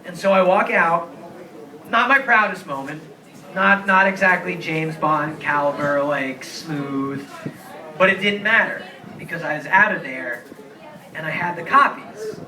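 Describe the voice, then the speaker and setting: Recorded from across a crowded bar on a distant handheld camera, this twenty-something man is far from the mic amid roomy sound and crowd chatter. He talks a little slowly in a sharp, high-leaning voice, spinning an earnest, meandering tale at a live show, full of "like" fillers.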